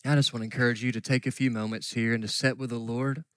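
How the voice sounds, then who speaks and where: A middle-aged man preaching a sermon, telling a story earnestly and dropping at times to soft near-whispers. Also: medium pitch, little pitch movement, quick pace, dry recording. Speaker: pastor.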